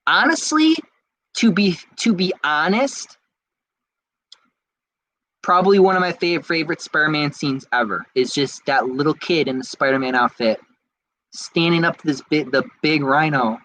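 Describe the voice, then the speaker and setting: A man hosting a podcast, reading out viewer comments in casual chat and answering them in an excitable, rambling way. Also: fairly high pitch, moderate pace, rough recording. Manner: excitable and rambling, with frequent restarts. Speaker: podcast host.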